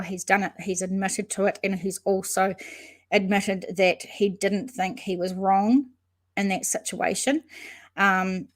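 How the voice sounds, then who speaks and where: Hesitant woman chatting on a livestream. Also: medium pitch. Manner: thinks aloud, hesitant with frequent ums and restarts; greets and answers chatters by name. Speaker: host of a true-crime livestream. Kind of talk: casual livestream chat reading viewer comments.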